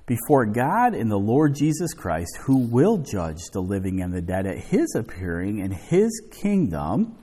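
A man's voice fills a reverberant sanctuary as he preaches at an unhurried pace. His delivery swings from low to high to drive each point home. The tone is mellow and a little husky. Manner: slow, emphatic reading with lively rises and falls. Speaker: pastor. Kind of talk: expository sermon with scripture reading. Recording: long hall reverb.

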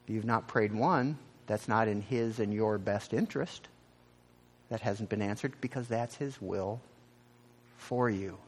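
A man from the American Midwest preaching a sermon as a pastor. He tells stories in an animated way and jumps up in pitch for emphasis. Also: husky.

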